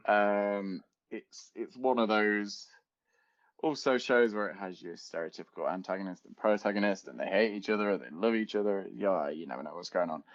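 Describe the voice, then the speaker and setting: A young podcast co-host with a lowish voice chats casually at a normal speed, rambling and laughing often. The sound is dull and lo-fi, like a home setup.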